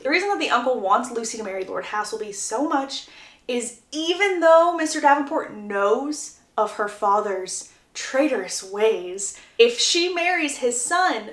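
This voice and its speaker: A woman recapping a romance novel plot in a chatty, animated way with dramatic asides. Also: on the high side, normal speed. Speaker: book recap creator. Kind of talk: casual story recap. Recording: roomy echo.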